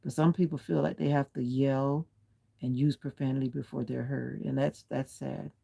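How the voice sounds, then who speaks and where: A man's voice: medium pitch, flat delivery, normal speed, creaky, mellow, slightly rough. A man hosting a casual livestream, chatting from home and answering viewer comments one by one, firm but polite about keeping the language clean. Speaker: livestream host. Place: at home, lying back with pillow and comforter.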